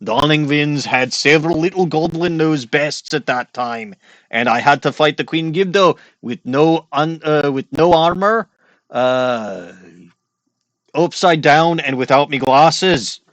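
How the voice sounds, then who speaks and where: A man's voice: a little high, measured pace, fairly bright tone, no room sound. A man doing a put-on Scottish accent, playing a hot-tempered, boozy Scotsman with tarot magic, rolling his words and dropping in "laddie" and "aye". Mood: boastful. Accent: put-on Scottish accent, admittedly poor. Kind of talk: let's-play character voice.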